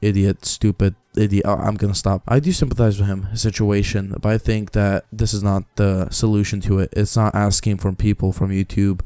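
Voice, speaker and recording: A man's voice: fairly low pitch, flat delivery, a little fast, hardly any pauses, warm tone, clean tone, no room sound. A man hosting a reaction video, ranting in a profane, exasperated, mocking way. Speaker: reaction channel host. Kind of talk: ranting commentary.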